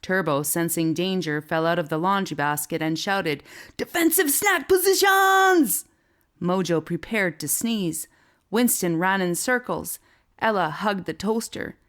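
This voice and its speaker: A woman narrating a whimsical storybook in a calm, measured way. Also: fairly low pitch.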